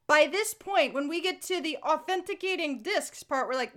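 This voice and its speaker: A woman with a high, bright voice rants in casual podcast chat. She talks in an animated way, full of quick asides. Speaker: podcast co-host.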